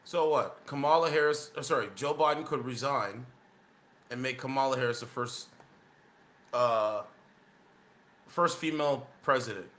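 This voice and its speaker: A man's voice: mid-range voice, fairly quick, a bit bright. A man giving casual political commentary while reacting to clips, blunt and scoffing.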